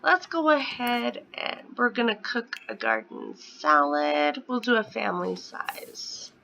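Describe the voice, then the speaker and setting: A woman's voice: fairly high pitch, sing-song, takes it slowly, vocal fry, pushed and bright, slight background noise, rough recording. A woman in her thirties chatting casually at home while playing a life-sim game, often dropping into a whisper. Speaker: gaming vlogger. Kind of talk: casual gameplay commentary.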